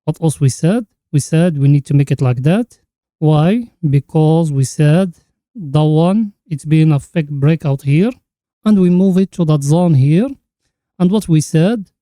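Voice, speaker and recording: A crypto chart analyst hosts a market chart analysis, earnestly walking the viewer through it, repeating the same catchphrases and calling the listener friend. His voice is a little high and mellow, recorded dry.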